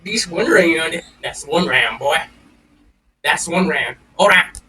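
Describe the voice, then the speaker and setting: Young man, gameplay commentary, trash-talking, slangy, somewhat high voice, unhurried delivery. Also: a little hiss or hum. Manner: excitable trash-talking with frequent swearing and slang. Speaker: gaming channel host. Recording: distant mic with game music behind.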